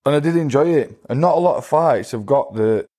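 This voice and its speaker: A middle-aged man, a former boxer telling rambling stories in a relaxed interview and often laughing along. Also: mid-range voice, fairly quick. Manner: rambling anecdotes with laughing asides. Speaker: boxing guest. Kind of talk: casual storytelling chat.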